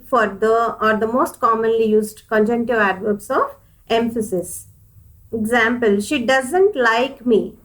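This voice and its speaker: A woman with a slightly high voice walks through an English grammar lesson. She explains patiently, repeats each point and calls her viewers dears. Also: fairly bright tone, rough recording.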